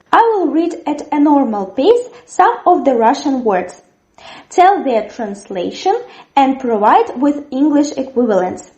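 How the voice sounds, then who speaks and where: A woman teaching a language lesson, sounding out words slowly and cheerfully so viewers can repeat after her. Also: sits high, darkish tone. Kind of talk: slow, clear language lesson. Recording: echoey room, dull lo-fi sound.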